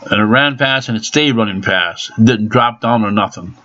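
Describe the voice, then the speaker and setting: A man's voice: lowish voice, moderate pace, pushed and bright, muffled recording. A man venting angrily in a profane vlog monologue about his car being repaired. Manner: angry, cursing constantly.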